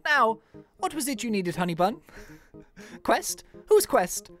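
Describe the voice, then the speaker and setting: A woman voicing an elderly, fussy, motherly female spirit bear in a put-on Irish accent, reading game dialogue aloud in a high, fluttery voice and calling the player dear. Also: very animated, takes it slowly, soft background music. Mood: fussy, doting.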